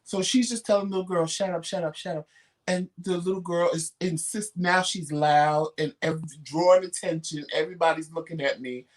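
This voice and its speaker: A talk-show co-host chatting casually, telling stories with lively acted-out quotes and slangy speech. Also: mid-range voice, moderate pace, few pauses. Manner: animated storyteller acting out quotes. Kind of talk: casual chat.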